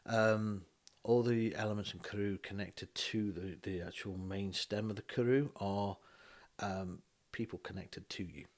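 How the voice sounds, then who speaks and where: Low-voiced man telling a lively story. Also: a little slow, hardly any pauses. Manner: animated, acts out quoted dialogue, frequent restarts. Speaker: tattoo artist. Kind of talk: casual storytelling chat. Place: podcast recorded on a bus.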